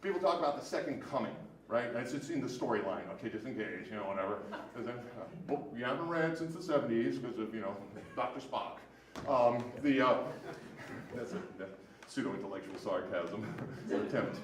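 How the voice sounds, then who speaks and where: A man's voice: medium pitch, expressive, moderate pace. A man telling a true story live on stage in a rambling, digressive, profane way. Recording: echoey room, mic at a distance, faint noise.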